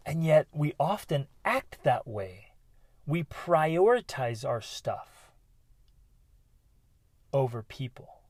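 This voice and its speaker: Earnest, animated male podcast host. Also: a little high, slow, pauses often, dry recording. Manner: earnest and animated, with bursts of excitement. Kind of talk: motivational podcast monologue.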